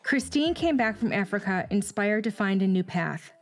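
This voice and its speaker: Woman narrator with a gravelly edge. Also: medium pitch, lively intonation, normal speed, faint music behind. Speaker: podcast host. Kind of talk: scripted narration and ad read.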